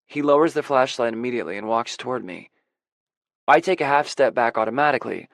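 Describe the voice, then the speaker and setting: A man narrating a first-person audiobook in a measured, introspective way. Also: medium pitch, vocal fry, a bit bright, no room sound. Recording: dry close audiobook recording.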